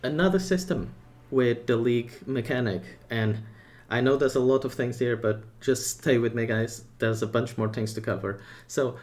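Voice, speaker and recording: A man as a gaming content creator, giving casual commentary on a game update in short, excited bursts with his own opinions and asides. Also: medium pitch, moderate pace.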